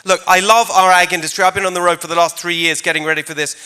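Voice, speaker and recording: A man's voice: high-pitched, steady tone, fast talker, sharp tone, clean tone. A man with a non-American accent giving an upbeat, joking campaign speech at a live forum in a church before an audience. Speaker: governor candidate.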